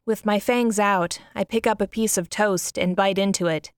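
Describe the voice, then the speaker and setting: A woman reads a first-person tale aloud, her voice gentle, sorrowful, smooth and clear. She holds a steady, medium pitch at normal speed, recorded close to the mic with no room sound and a dry quality.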